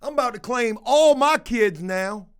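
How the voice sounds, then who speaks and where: A man putting on the voice of a rowdy, excitable male prison inmate who talks loud and stumbles over his words. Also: very high voice, measured pace, clear, resonant tone, voice pushed up. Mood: hyped.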